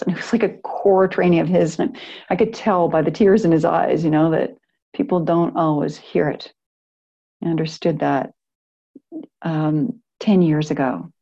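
A middle-aged woman speaks to her yoga class in a warm, mellow, lowish voice. She talks earnestly and wanders, restarting her sentences as she goes. The recording sounds muffled and lo-fi. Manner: earnest, rambling, with frequent restarts and laughs. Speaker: yoga and retreat teacher. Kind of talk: talk to a live class.

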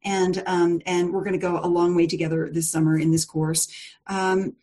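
A woman's voice: lowish voice, level tone, moderate pace, warm tone. A woman leading a live online course call, talking in a chatty, encouraging way with frequent fillers and laughs. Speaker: course leader.

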